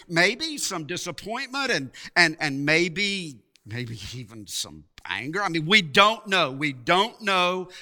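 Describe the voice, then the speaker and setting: A man preaching a sermon, slow and emphatic, with dramatic pauses and repeated words. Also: sits high, pushed and bright.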